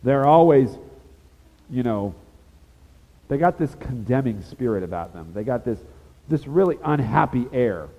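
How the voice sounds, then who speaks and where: A man's voice: mid-range voice, expressive, moderate pace. A man preaching a sermon in a conversational, emphatic way, with casual asides to his listeners. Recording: dull lo-fi sound with long reverb.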